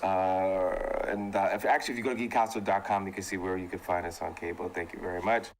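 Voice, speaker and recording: A man's voice: deep voice, steady tone, quick pace, noisy background. A man hosting a casual panel chat, signing off a live show with loose, rambling remarks and fillers. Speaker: podcast host and producer.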